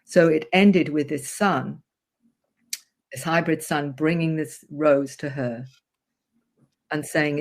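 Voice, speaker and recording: A woman's voice: low voice, fairly even intonation, slow pace, long pauses. A woman therapist, a guest on a radio show, earnestly recounting a client's story in vivid detail. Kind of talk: interview storytelling.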